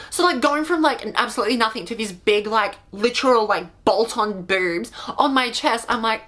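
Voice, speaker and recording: An Australian woman telling a personal story to camera in a chatty, animated way, filling her speech with "like" and swearing freely. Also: fairly high pitch, normal speed, few pauses. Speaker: vlogger. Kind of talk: casual storytime.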